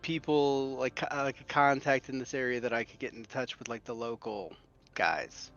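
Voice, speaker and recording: A man's voice: mid-range voice, normal speed, fairly bright tone, dull audio, soft background music. A man speaking as a tabletop game player, casual and hesitant, sometimes swearing. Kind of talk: casual in-character role-play.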